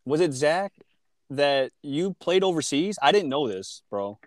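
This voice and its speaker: A man's voice: on the high side, sing-song, a little slow, dry recording. A young man hosting a casual podcast, asking questions and teasing his guest with a laugh. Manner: joking, teasing interviewer, laughs a lot. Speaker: podcast host. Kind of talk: casual chat.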